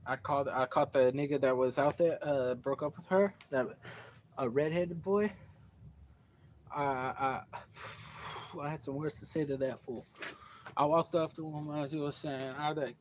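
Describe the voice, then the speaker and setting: A man's voice: a little high, unhurried, long pauses. Rambling, profane teen guy at home. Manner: animated, profane, rambling with fillers. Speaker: vlogger. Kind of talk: casual storytelling. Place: at home, indoors. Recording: dull lo-fi home recording, faint background noise.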